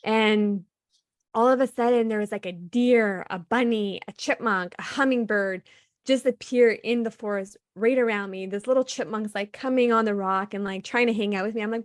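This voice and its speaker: A woman's voice: medium pitch, normal speed, no room sound. Woman telling her story, very dry sound. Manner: animated, often acts out her own past dialogue; laughs between phrases. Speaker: guest. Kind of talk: personal storytelling in an interview.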